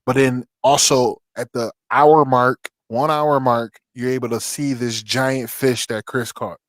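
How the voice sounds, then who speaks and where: A man's voice: medium pitch, steady tone, a little slow, no room sound. A man co-hosting a podcast in casual chat, plugging the show and asking teasing questions. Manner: chatty, plugs the show, asks teasing questions. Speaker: podcast co-host.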